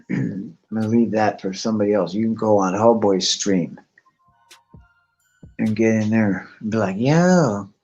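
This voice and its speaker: A man's voice: lowish voice, flat delivery, unhurried, pauses often, darkish tone. A man chatting on a live stream, rambling and swearing constantly. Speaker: guest on a live stream chat. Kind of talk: casual rambling chat. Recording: muffled lo-fi stream audio with faint music.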